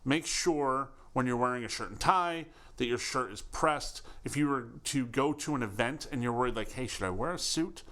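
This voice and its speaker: A man's voice: mid-range voice, moderate pace, few pauses, bright, forceful tone. Man co-hosting a casual podcast. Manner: playful, tosses out bits and old-cartoon impressions. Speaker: podcast co-host. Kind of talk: casual chat.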